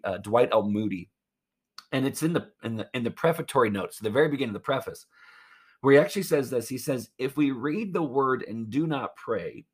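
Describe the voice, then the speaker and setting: A man's voice: mid-range voice, husky. A man preaching a sermon in an earnest, emphatic way, often calling his listeners friends. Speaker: pastor.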